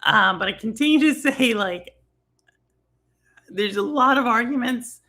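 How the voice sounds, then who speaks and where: A middle-aged woman from Houston, Texas, with a Texan accent, hosts a casual gaming talk livestream. Her voice is on the high side, bright, forceful and animated, and a little slow, and she rambles with lots of fillers and laughs.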